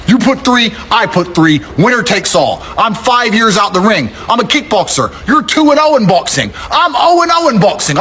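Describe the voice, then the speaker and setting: A man's voice: extremely high pitch, sharp tone, a little hiss or hum. A man ranting in a brash, combative and mocking way, with a lot of swearing. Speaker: media personality. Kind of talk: brash profane rant.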